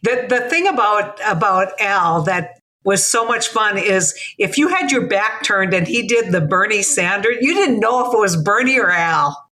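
A woman's voice: mid-range voice, lively intonation, normal speed, bright, forceful tone. A middle-aged woman from North Dakota with an Upper Midwest accent, chatting as a guest and laughing easily. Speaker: guest, former senator. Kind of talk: casual chat.

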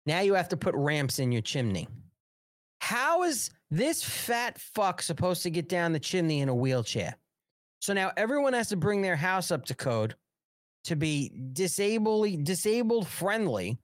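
A man's voice: high voice, sing-song, measured pace, no echo, studio quality. A middle-aged man hosting a live political commentary show, ranting in a mocking, sarcastic way, swearing and laughing often.

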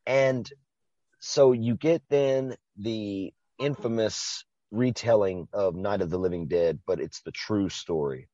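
A man's voice: lowish voice, takes it slowly, mellow, no echo, lo-fi sound. A man co-hosting a podcast, chatting casually and enthusiastically about a horror movie, swearing and laughing often. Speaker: podcast co-host.

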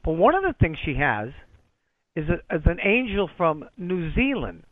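Lively man calling in by phone. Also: a little high, moderate pace, no room sound. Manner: animated and playful. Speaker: caller. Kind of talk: casual call-in chat. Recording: lo-fi phone line.

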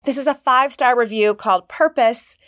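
A woman's voice: fairly high pitch, fairly quick, no room sound, clean studio sound. A middle-aged woman hosting a motivational podcast, talking earnestly and openly about her own experience. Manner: earnest, animated, self-disclosing. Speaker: podcast host.

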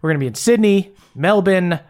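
A man playing in a tabletop game, chatting casually with quick, joking banter. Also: high-pitched, lively intonation, a little mellow. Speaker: player. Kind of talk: casual chat.

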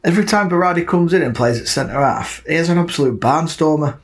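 A man's voice: a little high, lively intonation, quick pace. A man co-hosting a casual football podcast, joking and laughing as he talks. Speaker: podcast co-host.

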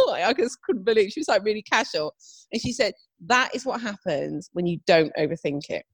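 Brief: woman, young, podcast co-host, animated storyteller, husky edge. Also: medium pitch, quick pace, no room sound. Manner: animated storytelling, acts out quotes. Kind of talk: casual chat.

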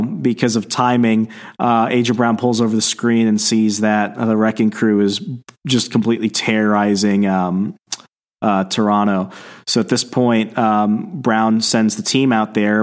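A man's voice: lowish voice, little pitch movement, moderate pace. Chatty male podcast host retelling comics. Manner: retells comic scenes, quoting characters' lines; chatty, with frequent fillers. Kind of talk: casual podcast chat.

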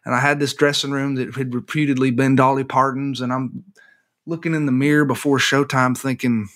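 A bright-voiced man telling a story. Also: medium pitch, a little fast. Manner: animated, self-deprecating storyteller with frequent restarts. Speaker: author guest. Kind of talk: storytelling in an interview.

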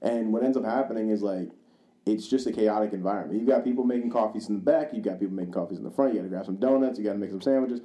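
A man's voice: on the low side, very fast, dark tone. A man co-hosting a podcast, telling casual rambling stories, swearing freely and acting out the voices of people in them. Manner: swears freely and acts out quoted dialogue in his stories; rambling, with many fillers and restarts. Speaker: podcast co-host. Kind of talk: casual storytelling chat.

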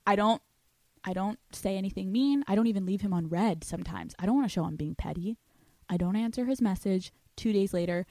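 Young woman podcast host, brash and foul-mouthed, medium pitch, dry close sound. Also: a little fast, no echo. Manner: blunt, profane, animated. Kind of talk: casual advice monologue.

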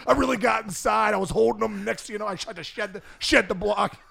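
A middle-aged man from the Pittsburgh area telling comic stories on a podcast, acting out quotes with shouts and laughs. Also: high-pitched, creaky, a little hiss or hum. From Pittsburgh area, USA. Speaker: podcast guest. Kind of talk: comic storytelling.

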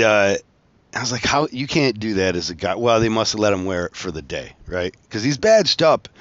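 A man's voice: mid-range voice, a bit bright, no room sound, highs cut off. Profane, rambling man telling stories. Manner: profane, rambling, laughs often. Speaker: podcast host, tattoo artist. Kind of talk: casual storytelling monologue.

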